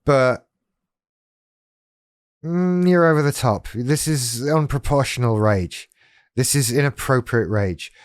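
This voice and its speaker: Expressive and a little slow, a man with a mid-range voice talks directly to the viewer on his YouTube channel about living with BPD. His casual delivery is wry and self-deprecating, and the sound is clean studio quality with no room sound.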